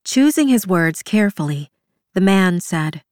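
A woman narrating an audiobook in a measured, somber storytelling manner. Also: lowish voice, no echo, studio quality. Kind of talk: scripted narration.

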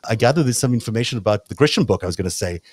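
A man with a South African accent hosting a talk show, speaking in a relaxed, chatty way. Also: on the low side, rapid-fire, no echo. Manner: relaxed and chatty, leans on "you know" fillers. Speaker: host. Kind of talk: casual talk-show chat.

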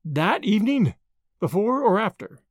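A man reading the part of an impulsive, agitated young American man who speaks in an excitable way. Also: high voice, moderate pace, dry recording, studio quality, voice pushed up. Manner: excitable, gloomy. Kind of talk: audiobook character reading.

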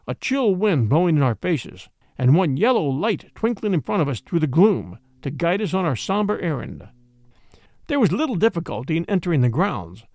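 A man's voice: on the high side, dry recording, studio quality. Man reading a classic mystery aloud. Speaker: narrator. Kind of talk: audiobook reading of a classic detective story.

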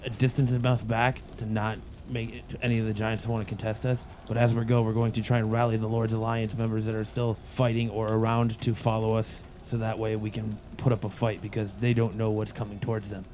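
A man speaking in character as a player in a tabletop game, earnest and low-key. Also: monotone, a little fast, hardly any pauses, noisy background.

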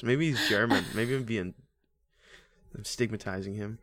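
A man co-hosting a casual podcast, rattling on about a movie with jokey asides and laughter. His voice sits at an ordinary middle pitch and sounds close and dry, with no room around it. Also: fairly bright tone, no echo. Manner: chatty, jokey, laughs often, quick asides. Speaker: podcast co-host.

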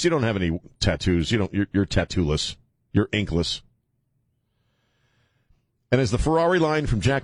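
Tired, deep-voiced talk radio host. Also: male voice, no echo, studio quality. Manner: rambling, blunt, joking, with frequent fillers and restarts. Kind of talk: casual talk radio monologue. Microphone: studio broadcast microphone.

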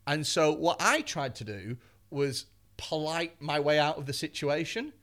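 A man, a comedian guest telling an anecdote in an animated, expletive-laden way on a podcast. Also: on the high side, unhurried.

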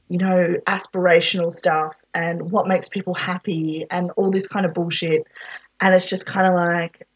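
Husky woman, mid pitch, slightly dull lo-fi recording, animated, swears freely. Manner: animated storyteller, swears casually. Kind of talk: casual chat.

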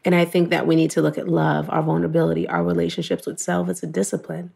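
A woman's voice: fairly low pitch, level tone, fast, creaky, warm tone, husky. A woman telling an emotional personal story in an earnest, conversational way, full of "like" and quoting her own thoughts. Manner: earnest, emotional, fillers of "like", quotes herself.

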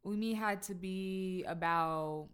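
A woman's voice: medium pitch, slow pace, fairly bright tone, clear, resonant tone. A woman talking casually and reflectively about her life as a mother. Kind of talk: casual chat.

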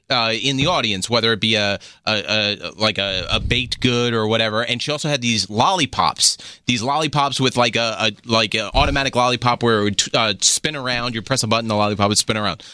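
A man's voice: mid-range voice, a little fast, few pauses, bright, forceful tone, clean tone, no room sound. A man co-hosting a podcast, chatting casually and quizzing the others with a wry edge. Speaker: podcast co-host.

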